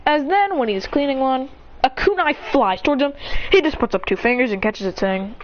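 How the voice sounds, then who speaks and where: A woman casually telling a fan-fiction story in an excitable way, her pitch jumping as she voices each character. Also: normal speed, highs cut off, a little hiss or hum.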